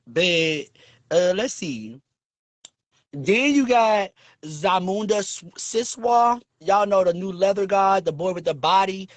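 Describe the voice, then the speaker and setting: A man hosting a casual livestream, talking in a flamboyant, sassy and profane way, with big swings in pitch. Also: takes it slowly, dry recording. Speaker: livestream host.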